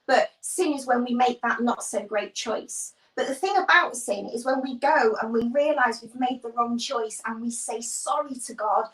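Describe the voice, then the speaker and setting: A woman's voice: fairly high pitch, normal speed, few pauses, recorded from a distance. A woman leading a children's church livestream, animatedly telling a Bible story and greeting viewers from the comments. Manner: animated, acts out voices, reads viewer comments. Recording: echoey room, off-mic.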